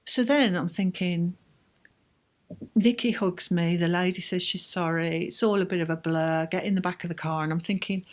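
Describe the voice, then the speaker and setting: A woman, a bereaved mother, telling her story in an interview in a halting, emotional way. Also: lowish voice, fairly even intonation. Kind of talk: personal account in an interview.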